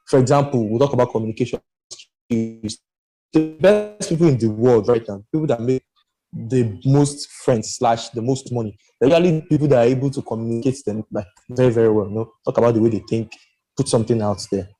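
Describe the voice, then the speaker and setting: A man, his voice mellow and soft-edged, talks in an animated, emphatic way. He rambles and restarts as he makes his points in a casual podcast chat. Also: mid-range voice, a little fast, low-quality recording. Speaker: podcast panelist. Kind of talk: casual discussion.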